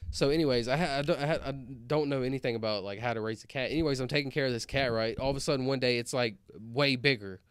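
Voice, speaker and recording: A young man, a streamer, telling rambling stories in casual chat, filling every pause with "like" and "anyways.". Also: mid-range voice, smooth, no echo, clean studio sound. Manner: rambling, filler-heavy, says "like" and "anyways" constantly. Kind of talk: casual storytelling while reading chat.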